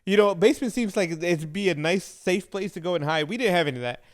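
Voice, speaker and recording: Male podcast co-host, a touch higher voice, lively anecdotal chatter. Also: fast. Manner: animated storytelling with laughs. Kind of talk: casual chat.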